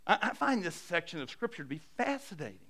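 A middle-aged man preaching a sermon as a pastor, animated and self-deprecating, swinging between hushed and loud. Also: high voice, fast.

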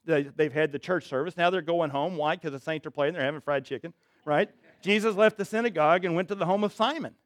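A pastor with a fairly high voice preaches a sermon, recorded close and dry with little room sound. He alternates between reading scripture aloud and plain conversational comment, sinking low and quiet to stress a point.

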